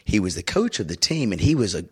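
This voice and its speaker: Fast and husky, this middle-aged podcast co-host has a lowish voice. He tells childhood stories in an animated, casual chat, packed with fillers.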